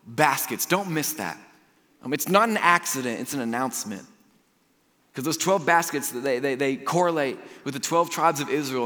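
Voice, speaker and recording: Animated male pastor in a reverberant hall. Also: on the high side. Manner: animated and conversational, swinging from loud to hushed. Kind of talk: sermon. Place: church auditorium. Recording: long reverb of a large hall.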